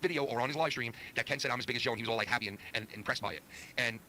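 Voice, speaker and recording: A man's voice: medium pitch, pushed and bright, slight background noise. A man in a played clip, heatedly recounting an argument at speed. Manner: heated, rapid storytelling. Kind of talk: ranting recap in a played clip.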